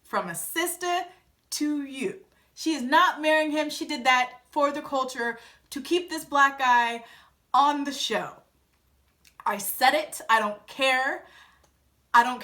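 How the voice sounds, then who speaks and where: A woman's voice: sits high, sharp tone. A young woman vlogger giving a casual, blunt recap of a reality TV episode and acting out the scenes in quoted voices.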